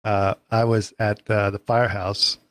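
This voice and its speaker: A man co-hosting a podcast, telling a story in a relaxed way with plenty of uh fillers. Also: on the low side, measured pace, no echo. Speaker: podcast co-host. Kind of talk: casual chat about a film.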